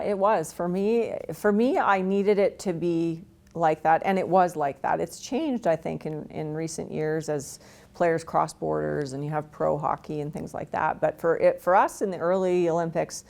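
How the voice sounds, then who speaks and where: A woman in her forties from Canada speaks as an interview guest with a low voice and a gravelly fry running through it. She tells her stories frankly and often laughs at herself. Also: a little mellow. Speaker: interview guest, retired hockey player. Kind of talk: candid interview storytelling.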